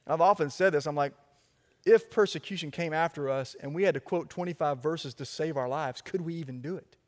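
A man's voice: fairly high pitch, a little fast, big-room sound. A man preaching a sermon as pastor, emphatic, with a repetitive cadence.

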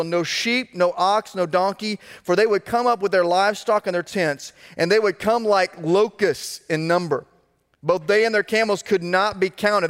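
Guy preaching a sermon, high voice, lots of repeating himself and pauses, big echoey church hall. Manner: conversational preaching with dramatic pauses and repetition. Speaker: pastor.

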